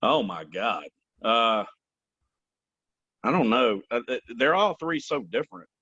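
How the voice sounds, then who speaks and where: A man's voice: mid-range voice, very animated, measured pace, sharp tone, no echo, lo-fi sound. A man in his forties, a company vice president, giving earnest interview answers, repeating phrases and often saying "man" and "you know".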